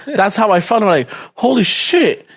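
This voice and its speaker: La dude telling a work story on a podcast, high voice, swears a lot, throws in spanish. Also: male voice, measured pace. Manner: profane, animated, acts out dialogue, mixes Spanish slang. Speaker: podcast co-host. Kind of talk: casual storytelling chat.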